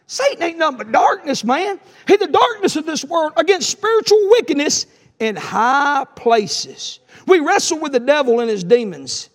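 A man, preaching an impassioned sermon and telling a personal story, shouting at the peaks. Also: extremely high pitch, sing-song, normal speed.

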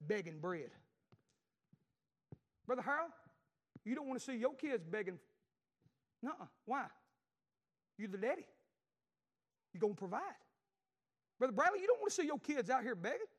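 High-pitched Southern preacher, lively delivery. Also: male voice. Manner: storytelling, repeats phrases, swings from loud to hushed. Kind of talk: Southern revival sermon.

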